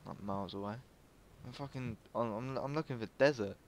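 A man's voice: medium pitch, brisk, slight background noise. A young man, making crude jokes and chatting casually while gaming. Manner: joking, crude, laughs often. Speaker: gamer.

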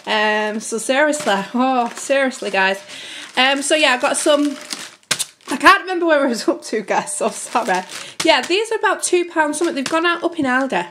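A woman's voice: high-pitched, lively intonation, moderate pace, a bit bright, slight background noise. A young woman chatting through a family grocery haul to camera at home, rambling and slightly out of breath. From United Kingdom. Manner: chatty, rambling, keeps addressing viewers as guys. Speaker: family vlogger.

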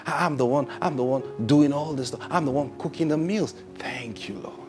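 A man's voice: on the high side, a little fast, over music. A man preaching a sermon who asks rhetorical questions, repeats his phrases and acts out what people say.

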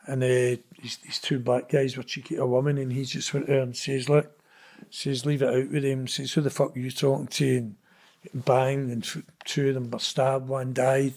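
A man with a Glaswegian Scottish accent tells a story in a loose, chatty way. He jumps into the voices of the people he quotes. His pitch sits in the middle for a man. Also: moderate pace. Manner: animated, acts out quoted dialogue. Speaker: interview guest. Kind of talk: casual storytelling.

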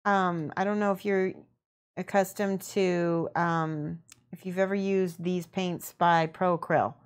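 A young woman casually explaining her painting as she works, chatty and relaxed, answering her viewers and laughing often. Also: on the low side, takes it slowly, clean tone. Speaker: miniature painting streamer. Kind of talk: casual painting tutorial chat.

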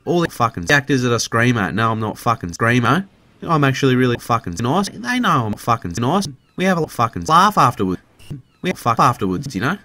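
A man's voice: medium pitch, very animated, fairly quick, pushed and bright, a little hiss or hum. A man giving a crude, rambling parody interview, swearing constantly. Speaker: mock interviewee.

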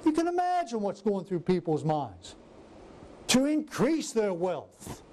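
A man delivers a sermon in a high, lively voice that rises and falls as he acts out scripture scenes. A faint hiss sits behind him. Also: measured pace. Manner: animated, acts out biblical quotes in varied voices. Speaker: preacher.

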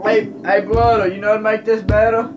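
A man's voice: sits high, little pitch movement, a little fast, highs cut off, background noise. A drunk young man rambling and swearing to his friend, with slurred, repetitive speech. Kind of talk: drunk casual chat.

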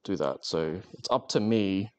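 A man's voice: sits low, lively intonation, a little slow. A man chatting casually and joking with viewers while working on a craft during a live stream. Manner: rambling, joking, talks to chat while working.

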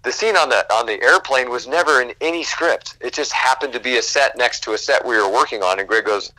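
A man, a guest actor, telling animated stories from film sets in a casual interview and acting out quotes, swearing freely. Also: mid-range voice, fairly quick, no room sound, rough recording.

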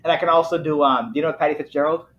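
A man's voice: fairly high pitch, fairly even intonation, racing, muffled recording. A man from the Malden, Massachusetts area hosting a podcast in an easygoing, agreeable way. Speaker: podcast host. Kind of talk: casual chat. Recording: roomy echo.

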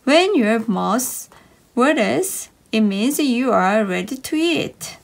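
Slow, sing-song woman reading for kids. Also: fairly high pitch, lively intonation, vocal fry. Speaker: reader of children's English stories. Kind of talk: slow expressive read-aloud for kids.

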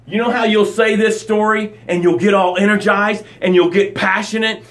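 A man's voice: sits high, fairly even intonation, normal speed, fairly bright tone. A man coaching his audience live, preaching with energy and repeating his key phrases, sometimes acting out angry stories with a rising voice. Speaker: motivational coach. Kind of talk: live motivational broadcast.

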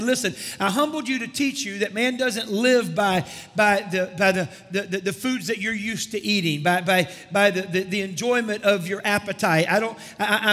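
A man's voice: extremely high pitch, pushed and bright. A man preaching a sermon as pastor in a church, stumbling over repeated words and calling out to his congregation. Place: church sanctuary. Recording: long church hall reverb.

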